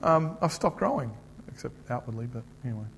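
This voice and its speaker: A man's voice: mid-range voice, lively intonation, brisk, vocal fry, husky, big-room sound. A middle-aged man with an Australian accent, preaching a chatty, joking sermon and asking the audience questions. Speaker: pastor. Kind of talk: conversational sermon.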